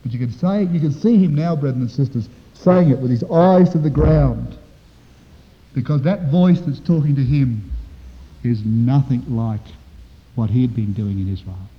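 A man preaching a sermon to his congregation, with dramatic, swelling emphasis and slow, drawn-out phrases. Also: mid-range voice. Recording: dull echoey hall recording.

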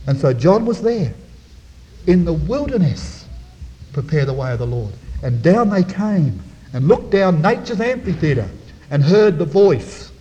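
A man preaching a sermon, explaining Bible verses and often addressing his listeners as brethren and sisters, moving between quiet reflection and loud emphasis. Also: on the high side, sing-song, unhurried. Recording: dull, lo-fi recording in a reverberant hall.

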